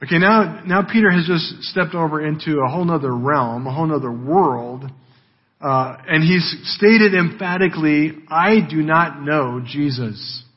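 A pastor delivers a sermon conversationally, often checking in with "right?", on a dull, lo-fi recording. His voice is husky and a little high, at a moderate pace.

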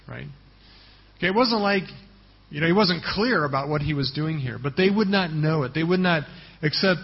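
A man's voice: a little high, breathy edge, lo-fi sound. A man preaching a sermon as pastor, explaining a passage in an earnest teaching tone and often checking in with "right?".

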